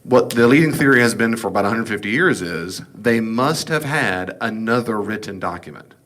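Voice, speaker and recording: A middle-aged man with a lilt lectures on scripture to a class. His voice sits low, and he keeps things casual and folksy, tossing in wry asides as he explains. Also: lively intonation, normal speed, fairly bright tone. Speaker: Bible teacher.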